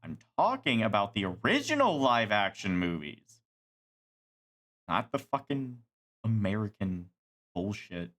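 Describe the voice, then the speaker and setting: A man chatting casually on a live stream, rambling and animated, swearing casually. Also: on the low side, measured pace, long pauses.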